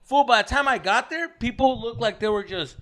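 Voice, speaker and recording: A young man casually telling a long story on a podcast, animated and heavy on slang and profanity, acting out what people said. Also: very high voice, brisk, crowd noise. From United States. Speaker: podcast co-host.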